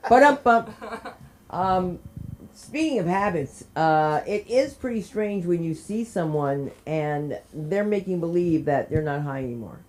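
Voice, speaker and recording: A woman from New Jersey hosting an open mic night, doing stand-up bits between introductions, laughing often and shouting during stories. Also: lowish voice, animated, unhurried, a little hiss or hum. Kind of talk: stand-up comedy and emceeing.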